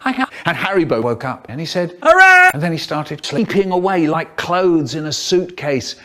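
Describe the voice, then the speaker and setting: A man telling a rambling, crude comic story about a school day, with sudden leaps in pitch and loudness. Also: moderate pace.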